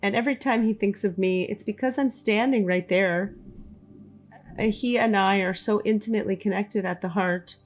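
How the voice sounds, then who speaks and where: A woman's voice: mid-range voice, normal speed, soft background music, pitched above the performer's own voice, lightly acted. Doting late mother spirit, voiced by a woman. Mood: tender. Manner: gentle, reassuring, doting.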